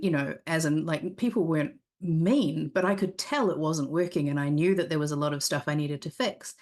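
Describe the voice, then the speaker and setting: Guest read: woman game designer, low and gravelly, candid rambling chat. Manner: candid, rambling storyteller with many restarts. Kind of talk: casual interview chat. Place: live convention stream set.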